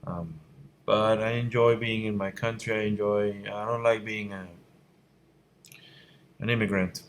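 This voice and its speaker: A man's voice: on the low side, fairly even intonation, measured pace, slight background noise. A middle-aged man from Venezuela, a visual effects instructor answering viewer questions at home at night in a candid, blunt way that turns emphatic. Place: room at home at night by a window. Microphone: fixed mic, voice fades when he turns away.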